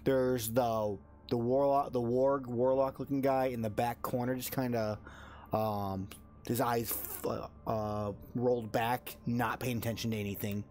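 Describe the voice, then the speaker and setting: A man's voice: medium pitch, steady tone, measured pace, darkish tone, a little hiss or hum. A man running a tabletop game as dungeon master, narrating loosely with fillers and restarts.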